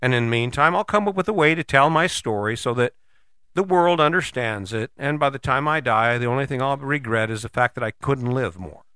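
Man with a bright, dry voice, motivational speaker coaching the listener directly, animated. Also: medium pitch, brisk, clean tone, no room sound. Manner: animated, acts out imagined dialogue. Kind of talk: motivational monologue.

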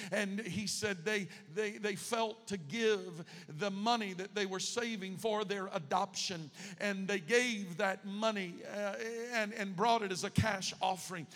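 A man's voice: high-pitched, big-room sound. A man preaching a sermon as pastor, telling a story with rising emotion and fervent outbursts. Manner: emotional, building to fervent shouts.

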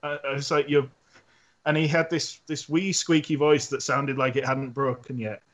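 A man co-hosting a casual podcast, telling an animated story with frequent laughs and restarts. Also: fairly high pitch, normal speed. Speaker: podcast co-host and robot builder. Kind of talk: casual chat.

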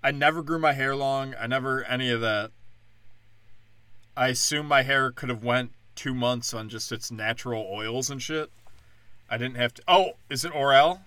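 Bright-voiced young man ranting casually. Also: medium pitch, no echo. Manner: profane, rambling, animated storytelling. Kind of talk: casual storytelling rant.

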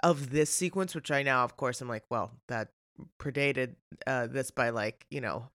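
A woman's voice: a bass voice, moderate pace, a bit bright, no room sound, studio quality. A woman who acts for a living, chatting casually and animatedly about a film, with many fillers. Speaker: podcast co-host and actor.

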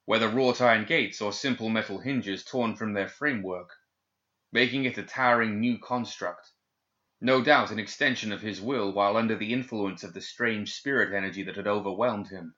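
Guy reading an audiobook, low bright voice, dull lo-fi recording. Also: moderate pace. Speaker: narrator. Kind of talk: audiobook narration.

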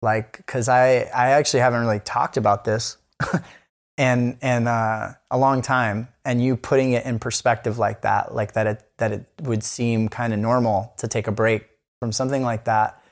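A man's voice: medium pitch, steady tone, moderate pace. Rambling, candid podcast man. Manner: rambling, many fillers and restarts. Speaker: podcast co-host. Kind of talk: candid casual chat.

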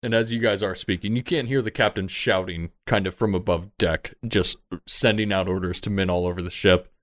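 A man's voice: low-pitched, dry recording. A man running a tabletop game as game master, narrating in a loose, casual way.

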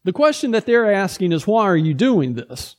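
High-voiced man preaching conversationally. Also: moderate pace. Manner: conversational, lively storytelling with asides. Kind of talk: sermon.

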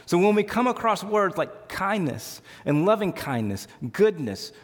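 A male pastor preaching a sermon in a conversational, animated way. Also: high voice, unhurried. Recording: long hall reverb.

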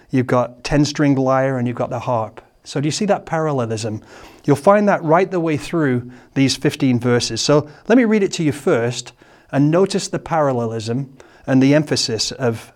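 A man preaching a sermon, explaining a psalm in a halting, searching way and often repeating words, then reading scripture slowly. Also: mid-range voice, lively intonation, a little mellow. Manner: slow, measured scripture reading.

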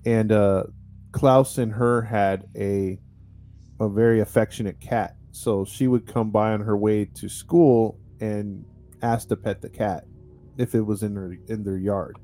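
Low mellow-voiced man. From United States. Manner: chatty and rambling, with many fillers and restarts. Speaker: podcast host. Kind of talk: casual true-crime storytelling.

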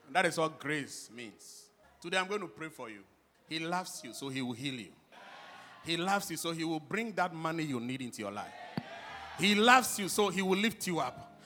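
A man preaching a sermon and leading his congregation in call-and-response shouts. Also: a little high, slight background noise.

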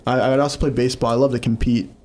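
Young man, comedian guest, casual chat, rambling, mid-pitched voice. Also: little pitch movement, very fast, a little mellow, a little hiss or hum. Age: young adult. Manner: rambling storyteller, filler-heavy "like".

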